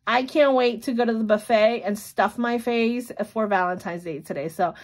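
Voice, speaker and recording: A woman's voice: a little high, moderate pace. Chatty, giggly woman vlogger. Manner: chatty, giggly, lots of fillers. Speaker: small sticker shop owner. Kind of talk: casual vlog chat. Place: home.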